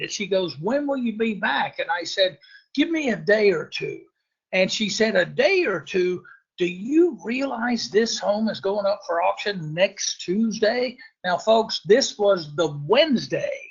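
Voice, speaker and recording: A man's voice: high-pitched, a bit bright, husky. A man telling a personal investing story to an audience in a folksy way, often calling them folks. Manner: folksy, addresses listeners as folks. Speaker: real estate investor speaker. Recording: dull lo-fi recording.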